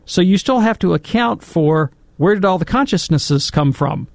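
A man's voice: sits high, lively intonation, moderate pace, gravelly, a little mellow, no room sound. A man answering listener questions on a Catholic radio call-in show, chatty and digressive, laughing at his own tangents. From Alabama, US. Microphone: studio microphone.

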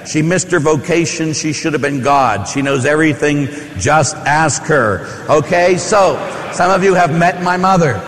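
A man's voice: on the high side, a little slow, hardly any pauses, fairly bright tone, long reverb tail. A man, a Catholic priest giving a conversational, story-filled sermon with asides and rhetorical questions. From Pittsburgh.

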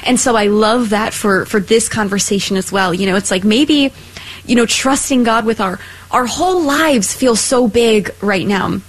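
A woman's voice: on the high side, moderate pace, poor audio. A woman co-hosting a conversational faith show, speaking reflectively with many "you know"s and "um"s. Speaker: co-host.

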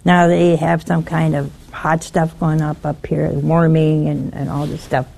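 A woman's voice: low-pitched, little pitch movement, measured pace, creaky, darkish tone, a little hiss or hum. A woman on a broadcast network giving an informal religious talk. She issues an earnest warning and retells a story step by step.

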